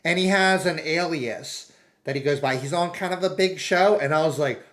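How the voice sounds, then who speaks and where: A man's voice: on the high side, moderate pace, a bit bright. A man streaming and chatting casually, rambling through anecdotes and putting on other people's voices.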